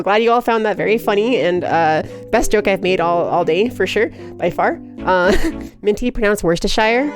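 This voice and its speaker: A woman's voice: mid-range voice, animated, normal speed, music in the background. A woman live streaming who chats casually and reads chat aloud, giggly and playful with frequent laughter.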